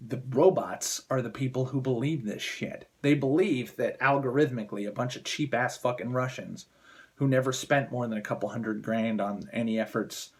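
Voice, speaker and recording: A man's voice: medium pitch, moderate pace, slightly rough. Profane, ranting male commentator. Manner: profane, heated, contemptuous ranting. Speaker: political commentator. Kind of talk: angry political rant vlog.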